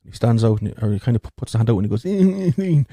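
A man with a slight stutter tells crude jokes in a rambling, swear-filled way. His voice is low and very dark. The sound is close and dry. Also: flat delivery, rapid-fire, husky, no echo. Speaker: podcast host. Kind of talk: telling jokes.

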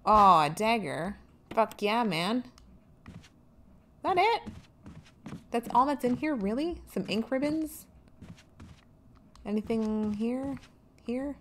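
A woman's voice: a little high, lively intonation, slow pace, long pauses, a little hiss or hum. A young woman streaming a game, playful and swearing freely as she chats with viewers. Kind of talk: casual live gameplay commentary.

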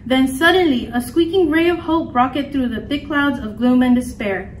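A woman storyteller reading a picture book aloud in a lively, expressive way. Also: high-pitched, moderate pace. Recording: echoey room, mic far off, faint noise.

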